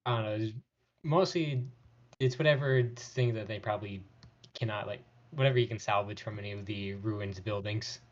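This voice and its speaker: A man's voice: lowish voice, normal speed, dull audio. A man playing in a tabletop game, unsure and thinking aloud as he decides what to do. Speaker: player. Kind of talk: casual tabletop play.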